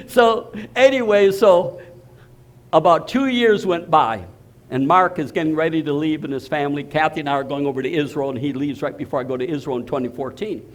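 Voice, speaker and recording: Animated older preacher, high voice. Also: male voice, moderate pace. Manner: animated storyteller, swings from low murmurs to loud exclaims. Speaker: pastor. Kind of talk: storytelling sermon.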